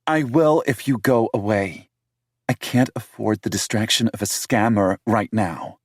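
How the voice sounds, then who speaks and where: A man voicing a prickly, stubborn young businesswoman from the city who snaps back with sharp, defensive retorts. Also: fairly low pitch, measured pace, slightly rough, no room sound, clean studio sound, pitched above the performer's own voice. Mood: indignant.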